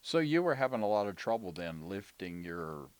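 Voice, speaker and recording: A man's voice: sits low, big pitch swings, normal speed, clear, resonant tone, no echo. A man interviewing a patient, asking questions and encouraging her answers. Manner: encouraging, with frequent backchannels. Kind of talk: casual interview.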